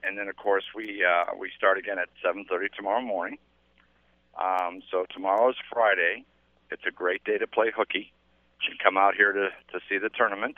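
A man's voice: low voice, level tone, brisk, dry recording. A man who organizes a golf tournament, interviewed live outdoors on the radio. He speaks in an enthusiastic, rambling way with lots of fillers. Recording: tinny phone-line audio.

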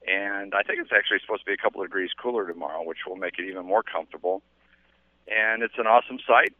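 A man's voice: low voice, fast talker, no room sound. A man who organizes a golf tournament, interviewed live outdoors on the radio. He speaks in an enthusiastic, rambling way with lots of fillers. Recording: tinny phone-line audio.

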